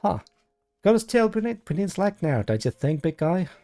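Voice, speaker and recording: A wisecracking male hunter who teases everyone around him, as a man reads him out. His voice is mellow and warm, with faint music in the background. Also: medium pitch, fairly quick, natural voice. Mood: teasing. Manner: teasing quips.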